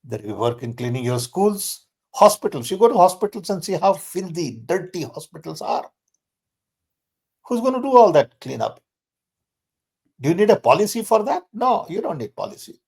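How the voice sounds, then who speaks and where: An older man, speaking as a guest in a conversational Q&A. He talks emphatically and insistently, stressing points with sudden jumps in pitch. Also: sing-song, normal speed, gravelly, a little mellow, slightly rough.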